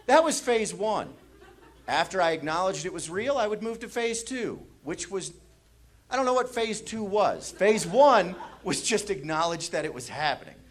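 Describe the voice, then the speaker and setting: A man's voice: sits high, animated, normal speed. A man from the Midwest doing stand-up comedy, telling anxious stories in a manic, rambling way on a comedy club stage.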